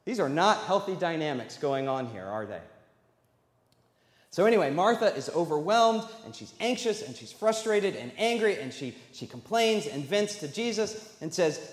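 A man's voice: on the high side, sing-song, moderate pace. A man preaching a sermon as pastor, talking in a conversational way and putting questions to the congregation. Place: church sanctuary. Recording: echoey hall, long reverb.

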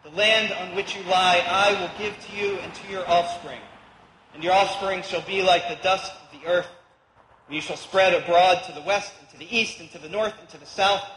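A man's voice: sits high, steady tone, moderate pace, a crowd in the background. A man preaching a sermon, reading scripture and explaining it in a conversational way with playful asides. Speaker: pastor. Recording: echoey hall with long reverb.

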